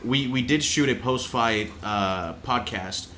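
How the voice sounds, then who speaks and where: A man's voice: mid-range voice, slow pace, fairly bright tone, slight background noise. A young man co-hosting a casual podcast, eager and agreeable, often restarting his words. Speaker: podcast co-host and photographer.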